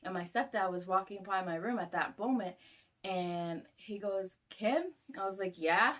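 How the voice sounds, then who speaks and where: A woman's voice: medium pitch, fairly even intonation, normal speed. A woman in her twenties casually recounting a story, with loose, profane talk full of "like". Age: 20s. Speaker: vlogger.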